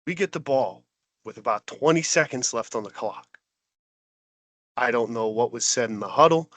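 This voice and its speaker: A man's voice: medium pitch, normal speed, dry recording. A man co-hosting a podcast, delivering a heated, exasperated sports rant. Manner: exasperated, animated ranting. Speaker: podcast co-host.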